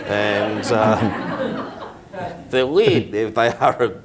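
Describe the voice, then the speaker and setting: A man's voice: on the low side, animated, drawn-out words, a crowd in the background. A male ventriloquist with a chatty, laughing manner and dry one-liners, performing on stage. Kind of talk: comic stage act and chat. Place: stage before a studio audience. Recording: noisy stage with audience.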